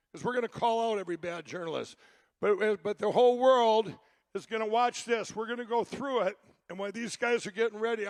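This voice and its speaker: A man hosting a live event, talking to the crowd in a rambling, excitable and pointed way. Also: high-pitched. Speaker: event host. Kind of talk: live presentation to an audience.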